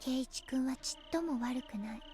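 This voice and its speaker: A voice actress playing an eerily calm teenage girl in a game, speaking softly and sometimes dropping to a whisper. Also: high-pitched, fast talker, faint music behind, natural voice. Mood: eerie calm. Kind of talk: Japanese game voice acting.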